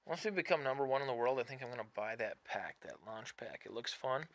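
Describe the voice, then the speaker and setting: A man hosting his gaming channel, giving chatty, self-mocking commentary while he plays, swinging between mumbling asides and loud frustrated outbursts. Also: medium pitch, lively intonation, quick pace, no echo. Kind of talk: casual gameplay commentary. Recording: noisy background.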